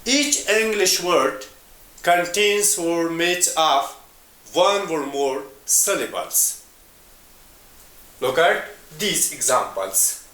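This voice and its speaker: A man teaching an English lesson in a slow, deliberate way, repeating example words. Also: a little high, pushed and bright, reverberant.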